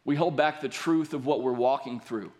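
A man's voice: mid-range voice, moderate pace, a little mellow. A young man preaching a sermon, reading scripture aloud and building earnestly to emphatic points. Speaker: pastor.

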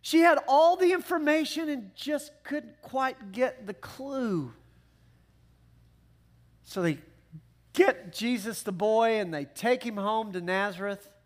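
A male pastor preaching a sermon in an animated, conversational way with joking asides. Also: extremely high pitch, takes it slowly.

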